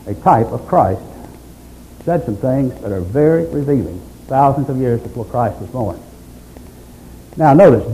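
Emphatic preacher man with a mellow, lively voice. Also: medium pitch, a little hiss or hum, poor audio. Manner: emphatic, builds repeated parallel phrases. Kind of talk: sermon.

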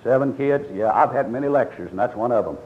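A man's voice: medium pitch, fast talker. An older man preaching a sermon with a folksy, storytelling manner, moving between scripture readings and homespun asides. His voice sits in an ordinary middle register. The recording is slightly dull and lo-fi.

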